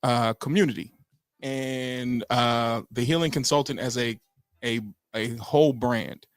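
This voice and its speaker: Man co-host asking halting questions. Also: medium pitch, steady tone, dry recording, studio quality. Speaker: podcast co-host. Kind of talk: casual podcast chat.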